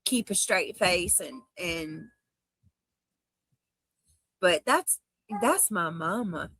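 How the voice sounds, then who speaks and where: A woman's voice: lowish voice, lively intonation, very slow, bright, forceful tone, slightly rough, no echo. A woman livestreamer in a played clip, talking in an emotional, dramatic, pleading way.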